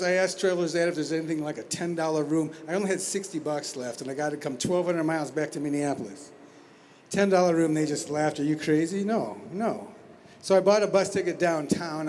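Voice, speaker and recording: A man spins a wry travel tale on a community stage, talking into a microphone like he's chatting with friends. His voice sits a little high for a man, and he sprinkles in asides and quick restarts. A faint hiss hangs under the recording. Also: darkish tone. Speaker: talent show performer. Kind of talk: spoken storytelling.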